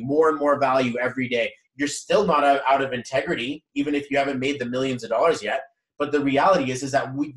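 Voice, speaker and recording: A man leading a men's numerology group, talking in a rambling, energetic, preachy motivational way. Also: mid-range voice. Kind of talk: motivational group coaching talk. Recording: echoey room.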